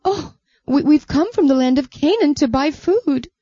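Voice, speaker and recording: A woman's voice: high voice, animated, normal speed, mellow, no room sound, muffled recording, voice pushed up. A woman voicing frightened grown brothers who stammer and plead in a storybook reading.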